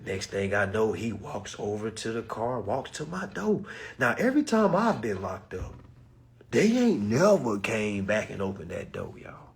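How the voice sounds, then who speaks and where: A man telling a personal story to his viewers in a casual, animated, profane way, calling them y'all. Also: lowish voice, moderate pace, vocal fry, slight background noise. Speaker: vlogger.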